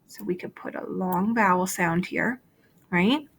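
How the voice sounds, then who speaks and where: A woman's voice: lowish voice, a little slow, vocal fry, a bit bright, husky. A woman teacher giving a remote phonics lesson over shared slides, explaining step by step and often checking in with "okay?".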